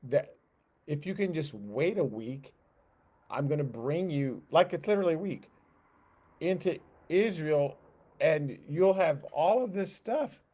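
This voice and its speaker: A man's voice: fairly high pitch, lively intonation, measured pace, warm tone. A man teaching a Sunday school Bible lesson, casually retelling scripture and acting out the quotes, with frequent restarts.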